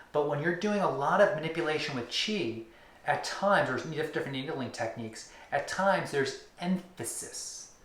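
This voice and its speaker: A man's voice: fairly high pitch, a bit bright, roomy sound. A man teaching acupuncture technique in an instructional demonstration, stretching out repeated words and dropping to near-whispers. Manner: rhythmic, drawn-out emphasis, drops to near-whispers on repeated words.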